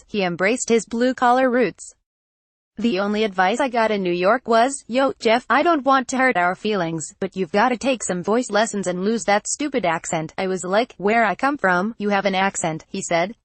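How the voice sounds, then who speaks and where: A woman's synthetic-sounding voice reads a news article aloud from start to finish, photo credits and quoted punctuation included. The delivery is flat and read-out, at a middle pitch. The sound is dry and close, with no room around it. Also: moderate pace, dry recording. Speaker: news reader. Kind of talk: text-to-speech article reading.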